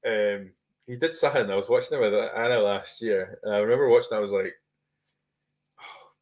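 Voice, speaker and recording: Guy on a podcast, lowish voice, rambly, swears and laughs. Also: fast, a little mellow, highs cut off. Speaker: podcast co-host. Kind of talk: casual chat.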